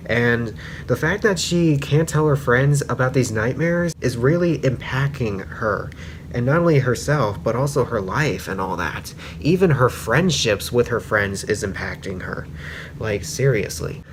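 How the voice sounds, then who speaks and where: A man retelling a story in a casual spoken review, rambling and excitable, full of fillers. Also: medium pitch, a little slow, noisy background. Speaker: fanfic reviewer.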